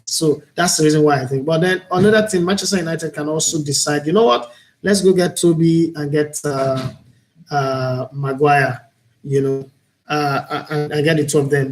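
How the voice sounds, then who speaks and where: Opinionated Nigerian male talk host, higher pitch. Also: a little mellow. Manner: earnest, opinionated, reflective. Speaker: host and broadcaster. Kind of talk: live-streamed talk show monologue.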